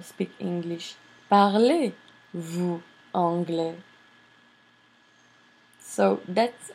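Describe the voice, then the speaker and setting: A woman teaching a recorded grammar lesson, unhurried, with many fillers as she explains and models example questions. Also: lowish voice, creaky, a little mellow, husky, rough recording. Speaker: French teacher.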